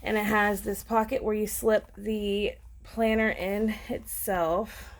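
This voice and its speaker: A woman vlogging an unboxing in a casual, gushing, excitable way, with lots of ums. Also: mid-range voice, slow pace. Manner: gushing and excitable, many fillers. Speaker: planner vlogger.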